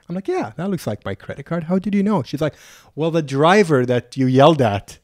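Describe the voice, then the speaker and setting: A man telling a travel story on a podcast in a casual, animated way, swearing freely and acting out what people said. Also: a little high, quick pace. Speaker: podcast guest.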